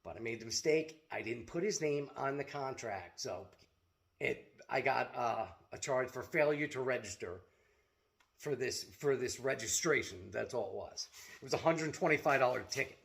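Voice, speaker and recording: Middle-aged man with a rough, gravelly edge, venting bluntly and with plenty of swearing to his viewers. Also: mid-range voice, lively intonation, moderate pace, fairly bright tone. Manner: blunt, profane, storytelling rant. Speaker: self-defense product seller. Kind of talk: casual vlog rant.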